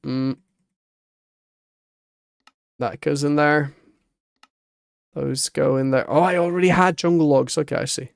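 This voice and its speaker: A man's voice: on the high side, fairly even intonation, unhurried, vocal fry, long pauses, no room sound, studio quality. A man streaming a building game, talking to himself and humming little sound effects as he works. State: hiccuping. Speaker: Minecraft streamer. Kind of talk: casual gameplay commentary.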